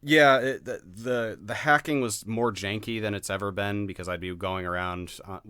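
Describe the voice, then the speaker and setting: A man co-hosting a podcast in casual chat, blunt and quick to laugh. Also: lowish voice, fairly even intonation, sharp tone, clear, resonant tone, no room sound, clean studio sound. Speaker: podcast co-host.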